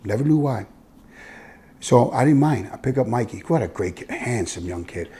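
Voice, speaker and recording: A man from Miami with a husky voice and a Miami accent, telling stories bluntly in a casual interview, swinging between loud and hushed. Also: medium pitch, lively intonation, moderate pace. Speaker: interview guest, youth football coach. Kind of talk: casual storytelling conversation.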